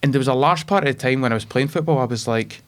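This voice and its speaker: A Scottish man in his twenties, a guest telling his life story in an interview, emotional and animated. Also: medium pitch, racing. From Scotland.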